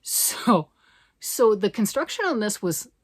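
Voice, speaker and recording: A woman's voice: medium pitch, sing-song, slow pace, husky. An older woman, a grandmother, chatting casually and rambling a bit as she shows her knitting project. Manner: chatty, rambling, self-deprecating. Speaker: knitting vlogger.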